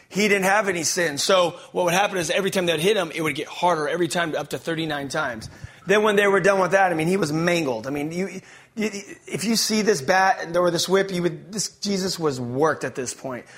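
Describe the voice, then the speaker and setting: A man giving an energetic, slang-filled testimony to an audience, stumbling and restarting as he tells his story. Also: on the high side. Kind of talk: testimony preaching to a live audience.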